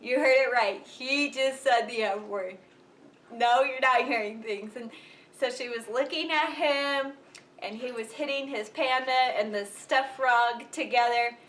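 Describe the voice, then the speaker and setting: A woman's voice: a little high, unhurried, fairly bright tone. A young woman vlogger telling funny stories in a casual, chatty way, laughing often and acting out the people she quotes. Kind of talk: casual storytelling while folding laundry. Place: home room. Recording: slightly distant mic with faint room noise.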